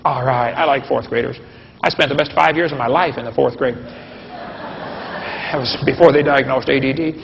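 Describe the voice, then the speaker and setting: A man's voice: mid-range voice, moderate pace, vocal fry, long pauses. A man giving a humorous live lecture, folksy and joking, and asking the audience questions. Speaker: creation science lecturer. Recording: dull lo-fi recording with long hall reverb.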